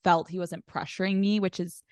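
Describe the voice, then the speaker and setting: Podcast guest: woman, chatty storyteller, slightly low voice, dry close studio sound. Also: level tone, normal speed, a little mellow, smooth, dry recording. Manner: chatty storyteller with frequent "like" fillers. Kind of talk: casual chat.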